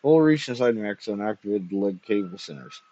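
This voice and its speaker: A man giving a dramatic story reading in a steady, measured way with a husky voice. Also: fairly low pitch. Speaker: reader. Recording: dull lo-fi recording.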